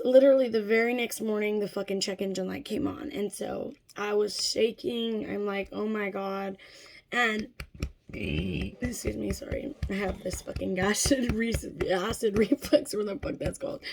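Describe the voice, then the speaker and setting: A woman in her thirties from California tells a story in a loose, rambling way, with fillers and frequent swearing. Her voice has a gravelly fry and sits a little high. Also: darkish tone. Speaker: vlogger. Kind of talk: casual storytelling vlog.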